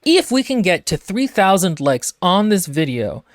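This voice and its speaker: A man's voice: high-pitched, very animated, unhurried, dry recording. Jokey guy rambling about a book, lots of ums, dead dry sound. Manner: wry, joking, rambling with fillers. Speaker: podcast co-host. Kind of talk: casual book-club chat.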